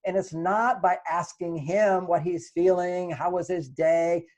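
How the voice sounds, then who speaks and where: A man's voice: sits high, steady tone, measured pace, darkish tone. An older man giving relationship advice in an earnest, lecturing way, acting out the lines he quotes. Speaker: relationship author and guest. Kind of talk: advice talk.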